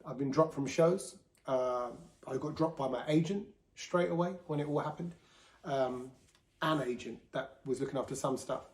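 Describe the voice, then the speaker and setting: This podcast host is a man of medium pitch and normal speed, his tone darkish and the room sound noticeable. Alone at the mic, he chats freely about his own life, laughing and acting out quoted voices.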